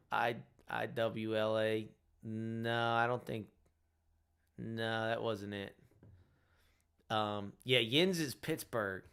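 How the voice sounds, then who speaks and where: A man's voice: mid-range voice, fairly bright tone, clear, resonant tone. Tired, rambling man hosting a livestream. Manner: rambling, full of "like" and "you know". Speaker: host. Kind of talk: casual livestream chat.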